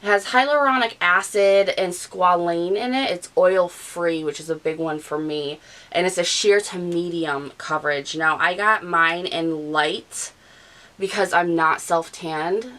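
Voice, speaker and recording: A woman's voice: lowish voice, unhurried, a bit bright, rough recording. Chatty, nasal woman doing her makeup. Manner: chatty, rambling, talks while applying makeup. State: stuffy from allergies. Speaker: beauty vlogger. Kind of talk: casual chat.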